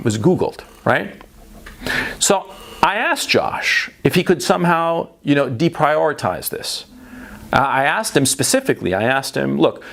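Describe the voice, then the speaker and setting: A man talking in a casual monologue, blunt and profane, repeating phrases for emphasis and tagging lines with quick questions. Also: mid-range voice, gravelly. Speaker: vlogger.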